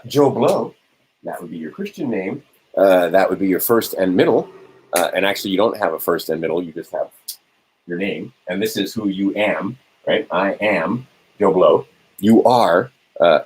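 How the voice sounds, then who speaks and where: A man lectures to a small group in a husky, lowish voice. He poses questions and answers them himself, breaking in often with "right?" and filler sounds. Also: expressive, poor audio. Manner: rhetorical, keeps checking in with "right?"; answers his own questions, halting with fillers. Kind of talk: informal lecture to a small audience.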